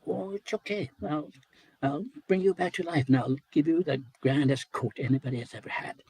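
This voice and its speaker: A man's voice: fairly high pitch, normal speed, darkish tone, breathy edge, no echo. A man voicing a cunning male trickster who coaxes others with promises. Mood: coaxing. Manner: coaxing, persuasive.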